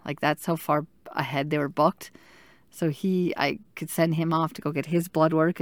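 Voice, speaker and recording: A woman talks in a lowish, easygoing voice, chatty and candid, with a wry self-deprecating humor. She is recorded close up in a dry, dead room. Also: no echo. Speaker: vlogger sharing her chemotherapy journey. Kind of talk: casual personal storytelling.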